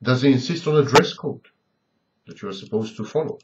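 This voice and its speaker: A man's voice: medium pitch, brisk, background noise. A man giving a scripted lecture on abusive partners, asking a long string of pointed rhetorical questions. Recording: dull lo-fi recording.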